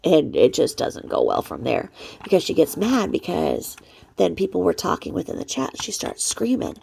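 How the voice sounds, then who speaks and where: Woman vlogging to camera, real gravelly voice, rambly and chatty, goes whispery sometimes. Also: on the low side, big pitch swings, normal speed, dark tone. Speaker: channel host. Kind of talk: casual vlog commentary.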